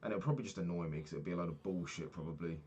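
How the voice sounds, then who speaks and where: A young man with a fairly low voice tells a story from his own life, loose and unfiltered, swearing often. He slips into quick impressions of the people he quotes. A faint hiss sits under the recording. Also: a little mellow. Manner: candid, swears freely, acts out quoted people. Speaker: podcast host. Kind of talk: casual storytelling monologue.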